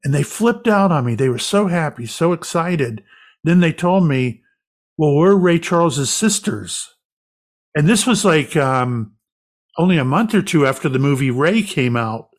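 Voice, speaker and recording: A man guest in an interview, a medium, recounting an experience as a lively anecdotal storyteller. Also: on the high side, moderate pace.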